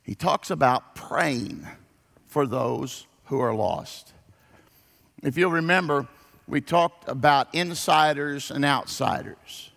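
A man preaching a sermon, telling folksy stories in an animated way. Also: mid-range voice, slow, vocal fry. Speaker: pastor. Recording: long hall reverb.

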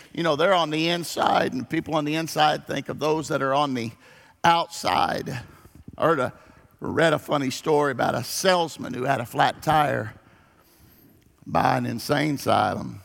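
Gravelly-voiced man preaching in a reverberant hall. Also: a little high, normal speed. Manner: storytelling, folksy and animated. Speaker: pastor. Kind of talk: sermon.

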